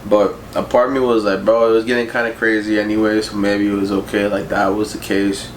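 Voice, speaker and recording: A man's voice: fairly low pitch, flat delivery, brisk. A young man telling a casual storytime about his job, slangy and profane, leaning on "bro" and "like". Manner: slangy, profane, laid-back, fillers like "bro" and "like". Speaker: vlogger. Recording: roomy echo with faint noise.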